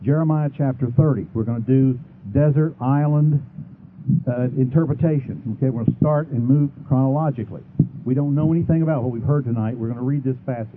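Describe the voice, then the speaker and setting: A man making a formal debate argument, reading scripture passages aloud and slowing down to stress key words. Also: medium pitch. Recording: tinny phone-like sound with faint noise.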